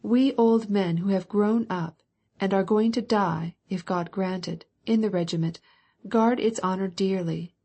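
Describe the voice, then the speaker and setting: A woman reading a proud old army captain in an audiobook, scolding and firm, with a dark, mellow voice that has a husky edge. He holds to honor and lays down the law. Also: mid-range voice, measured pace. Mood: reproachful. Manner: firm, reproachful.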